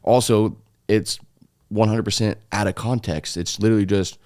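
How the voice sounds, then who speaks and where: A young man telling a story in a casual interview, animated and full of restarts and casual swearing. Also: lowish voice, normal speed, no room sound, clean studio sound. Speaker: interview guest, foreign volunteer fighter.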